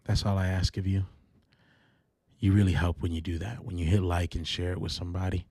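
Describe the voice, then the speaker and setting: A man hosting a late-night solo faith podcast, preaching earnestly and shifting between fervent and quiet, intimate delivery. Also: sits low, flat delivery, a little fast, husky, no room sound, clean studio sound. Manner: earnest preaching, gets worked up then goes quiet and intimate. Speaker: podcast host.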